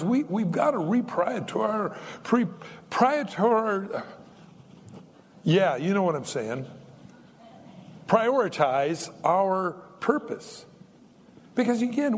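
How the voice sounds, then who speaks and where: An older man preaching a sermon in a folksy, animated way, joking between his points. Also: high voice, breathy edge. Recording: long hall reverb.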